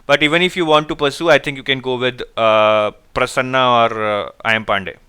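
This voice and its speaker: A man's voice: mid-range voice, fairly even intonation, a little fast, bright, forceful tone, smooth. A man teaching a live online exam-prep class, reading out viewers' answers and energetically urging them to respond.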